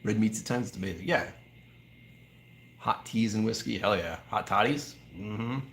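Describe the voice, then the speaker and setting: The American whiskey channel host, livestreaming indoors from a whiskey bar, reads viewer comments, cracks jokes and chats in a casual way. His gravelly, fairly bright voice sits on the low side at a moderate pace, with a little hiss or hum behind it.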